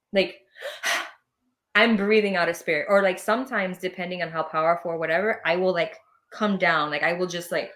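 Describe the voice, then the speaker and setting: A woman talking as a guest on a podcast, animated and quick to laugh, sometimes acting out voices as she explains. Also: lowish voice. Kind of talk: casual interview chat.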